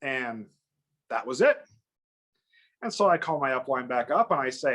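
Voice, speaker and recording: A man telling a long personal story in casual chat, animated and acting out other people's lines in raised voices. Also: medium pitch, moderate pace, long pauses. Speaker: guest.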